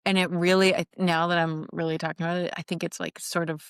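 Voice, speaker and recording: A woman co-hosting a podcast, talking candidly and poking fun at herself, often stopping to restart a thought. Her voice sits on the low side for a woman, and it is recorded close and dry with no room sound. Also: little pitch movement, clear, resonant tone, no room sound. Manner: candid, self-deprecating, halting restarts. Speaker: podcast co-host. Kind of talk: casual chat.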